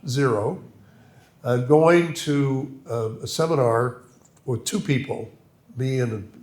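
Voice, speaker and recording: A man's voice: mid-range voice, darkish tone. An older man giving a public lecture, reflective and anecdotal, with self-deprecating humor. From Canada. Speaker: guest lecturer. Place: lecture hall. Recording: echoey lecture hall.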